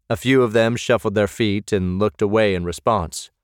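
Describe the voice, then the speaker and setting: A man reading scripted narration for an audiobook at a measured pace. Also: fairly low pitch, no echo, studio quality.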